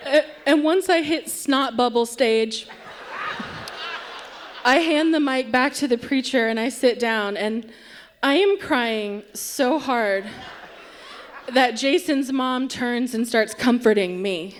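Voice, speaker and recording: A woman's voice: on the high side, slow pace, slight background noise. A woman telling a wry, self-deprecating story on a theatre stage, acting out what people said. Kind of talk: live comic storytelling.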